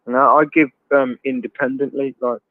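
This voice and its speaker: A man's voice: mid-range voice, fairly even intonation, moderate pace, no echo. A man hosting a live show, talking bluntly and rambling with lots of fillers. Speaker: livestream host. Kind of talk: casual chat. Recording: tinny phone-like line, dry.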